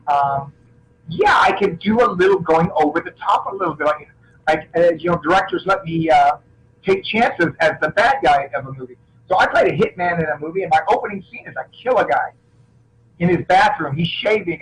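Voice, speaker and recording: A middle-aged man with a high voice and a lively, swooping delivery tells stories as a guest in a casual interview. He is an action film actor who keeps restarting his sentences, his pitch leaping up and down as he goes. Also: fairly quick, rough recording. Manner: animated anecdotes, frequent restarts.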